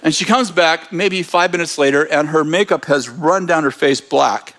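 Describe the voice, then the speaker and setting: A man telling a lively story in a sermon, laughing as he talks. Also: on the high side, normal speed.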